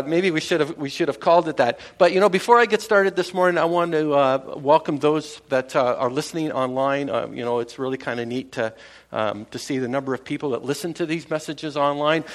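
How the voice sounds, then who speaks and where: Chatty pastor with a slightly high voice. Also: male voice, a little fast. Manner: conversational, with many fillers and restarts; chuckles at his own jokes. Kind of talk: casual sermon.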